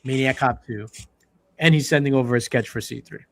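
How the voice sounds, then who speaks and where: A man hosting a casual pop culture panel, telling stories with lively acted-out quotes. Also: mid-range voice, brisk, creaky, noisy background. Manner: animated storyteller, acts out quotes. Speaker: podcast host.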